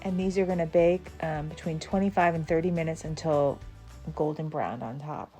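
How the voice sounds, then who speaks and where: Mellow-voiced woman hosting a cooking video. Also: sits low, normal speed, faint music behind. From Southern United States. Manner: relaxed and chatty, with fillers and small laughs. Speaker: cooking channel host. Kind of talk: casual cooking demonstration voice-over.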